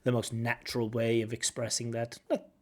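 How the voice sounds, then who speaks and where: A man working as a language examiner, giving lively spoken feedback on a candidate's test, recorded over a video call. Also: medium pitch, normal speed. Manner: animated, acts out intonation with singsong syllables.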